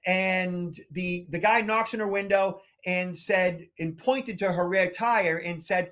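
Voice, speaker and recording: Chatty male podcast host from Boston, high voice, rambling anecdotal delivery. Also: steady tone, slow, hardly any pauses, a bit bright. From Boston area, USA. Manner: chatty, many fillers and restarts. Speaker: podcast host, security expert. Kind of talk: casual podcast storytelling.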